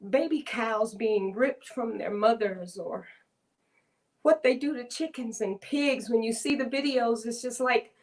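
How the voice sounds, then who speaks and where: Heartfelt older woman speaking slowly. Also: fairly high pitch, low-quality recording. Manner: heartfelt, emphatic, repeats herself. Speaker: guest speaker. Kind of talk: impassioned rally speech.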